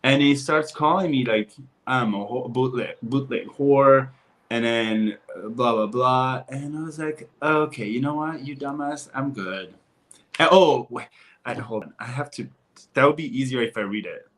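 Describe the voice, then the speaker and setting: A young man with a French accent chats as a guest, blunt and unfiltered. He tells his stories with lively swings in his voice, hedging with "like" and "uh" along the way. His voice sits at an ordinary middle pitch. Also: normal speed. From France. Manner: blunt, profane, animated storytelling with many fillers. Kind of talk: candid casual chat.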